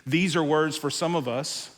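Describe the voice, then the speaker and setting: A male pastor preaching a sermon, telling a story with animated acted-out voices and dropping to quiet, intense moments. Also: a little high, normal speed, big-room sound. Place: church auditorium.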